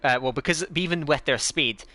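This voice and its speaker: A man commentating an online sim racing league, putting on a fake Scottish accent, chatty and energetic with many fillers. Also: on the high side, brisk, faint music behind. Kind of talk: esports race commentary.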